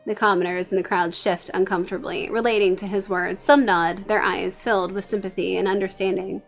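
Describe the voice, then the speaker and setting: A woman's voice: mid-range voice, steady tone, brisk, gravelly, few pauses, soft background music. A woman streaming a game, casually reading its story aloud between chatty asides. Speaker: streamer narrating a life-sim game. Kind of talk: casual let's-play narration.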